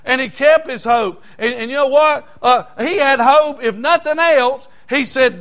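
A man, preaching a sermon in a folksy, animated way with homespun asides. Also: very high voice, unhurried, few pauses. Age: 60s.

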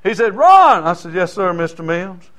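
A high-pitched man with a drawl preaching from the pulpit. He tells folksy stories and reads scripture, then swells into fervent shouting. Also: steady tone, normal speed. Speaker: pastor. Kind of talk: sermon.

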